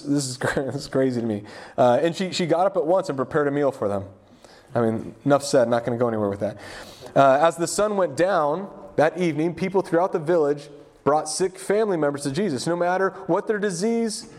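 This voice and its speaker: A man's voice: a little high, a little mellow. Chatty young man preaching a casual sermon. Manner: chatty, loose and joking, with many fillers. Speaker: pastor.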